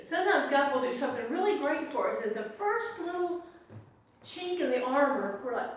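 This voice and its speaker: A middle-aged woman pastor leads an informal Bible study in a high-pitched, animated voice at a moderate pace. She's conversational and chatty, full of asides and restarts. She's recorded from far off in an echoey church meeting room with slight background noise.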